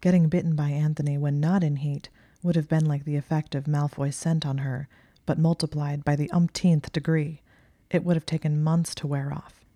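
A woman narrating a story in a soft, hushed, breathy reading. Her voice sits low and stays even, with a dark, mellow tone. The recording is close and dry. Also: normal speed, dry recording. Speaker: audiobook narrator.

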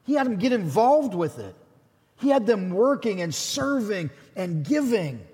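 A man preaching a sermon as lead pastor, retelling the story with animated, acted-out voices. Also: high-pitched, a little slow, breathy edge, long reverb tail.

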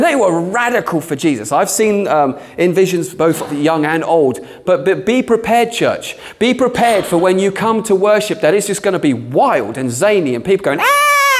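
A middle-aged man with a high voice preaches a fervent, animated sermon, frequently breaking out with "hallelujah" and "amen." There's slight background noise.

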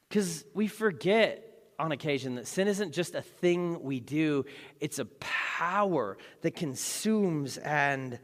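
A male pastor preaching a sermon in a conversational, joking way with dramatic emphasis, in a large church hall. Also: medium pitch.

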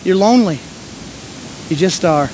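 A man preaching and telling a story, animated, shouting when he acts out scenes. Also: high voice, measured pace, a little hiss or hum. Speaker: pastor and coach. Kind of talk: sermon with storytelling.

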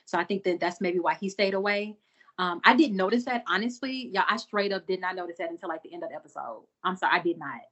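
A woman chatting casually on a group podcast, animated, acting out quotes with big jumps in her voice. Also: fairly low pitch, fast talker, muffled recording. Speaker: podcast co-host. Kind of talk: casual group chat about a TV episode.

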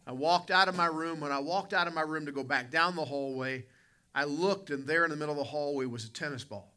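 A male pastor preaching a sermon, telling a vivid folksy personal story and calling on members of the congregation by name, swinging between loud emphatic lines and quiet asides. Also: a little high, fast, clean tone.

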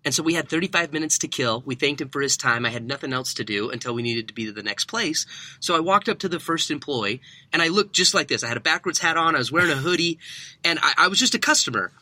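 Bright young man telling animated stories. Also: on the high side, fast talker. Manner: lively storyteller who acts out quoted dialogue. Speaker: podcast guest, workplace researcher. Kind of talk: animated storytelling interview.

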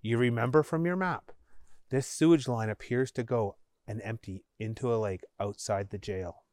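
A man telling an interactive adventure story for listeners to choose from. His mid-pitched voice is measured and sinks quiet at tense moments. The sound is close and dry. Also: no room sound. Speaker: podcast host and storyteller.

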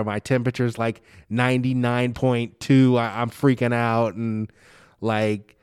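A man with a middle-pitched voice tells stories in casual, heavily profane chat. He stumbles, restarts and speeds up as he gets worked up. The sound is close and dry. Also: a little slow, clean tone, no room sound. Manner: swears constantly, animated storytelling; stammers and restarts often. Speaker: guest telling personal stories; father of a young daughter.

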